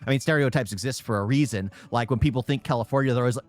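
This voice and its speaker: A man's voice: medium pitch, rapid-fire, few pauses, darkish tone, no room sound, faint music behind. A young adult man giving casual reaction commentary, rambling and repeating his own phrases. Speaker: reaction video host. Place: home in California.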